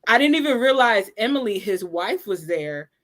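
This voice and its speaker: A woman hosting a relaxed storytime conversation with guests. She recounts a fan event and jumps her voice up when quoting people. Her pitch sits mid-range for a woman. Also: normal speed. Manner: animated, acts out quotes in a raised voice. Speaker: host. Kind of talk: casual storytelling chat.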